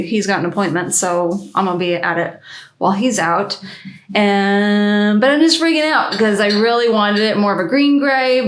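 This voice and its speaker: A woman's voice: medium pitch, fairly bright tone. A woman vlogger chatting casually to the camera in her home studio, rambling in an anxious, chatty way.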